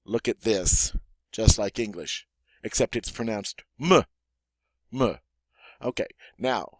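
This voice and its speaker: A man with a Southern American accent teaching a grammar lesson in an encouraging way, stretching out the example words slowly. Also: mid-range voice, dry recording. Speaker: French teacher. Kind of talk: classroom-style grammar lesson.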